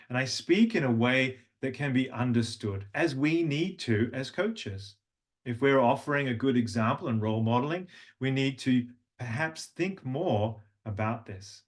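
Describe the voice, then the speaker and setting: A middle-aged man with a slight Australian accent leads a voice workshop as a language coach. His pitch sits in the middle range, and he talks in an encouraging, demonstrative teaching manner, often stopping to show a phrase the way he wants it said. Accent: neutral, slight Australian. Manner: demonstrative, warm teacher who sings examples.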